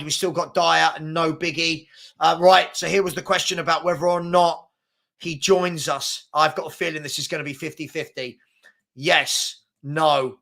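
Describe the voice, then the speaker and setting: A man hosting a live stream, chatting casually and reading viewer comments with an excitable, filler-heavy manner. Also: on the high side, creaky. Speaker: livestream host reading chat.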